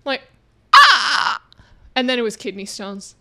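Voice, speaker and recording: A young adult woman co-hosting a casual podcast, telling stories in an animated way and swearing freely. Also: high voice, moderate pace. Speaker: podcast co-host, esports caster. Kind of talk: casual chat.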